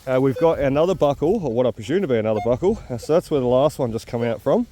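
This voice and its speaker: An excitable man, chatting away in casual vlog commentary. He is out on a farm, talking through his finds with a lot of enthusiasm and frequent exclamations. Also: medium pitch, fast. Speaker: metal detecting vlogger. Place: outdoors on a farm.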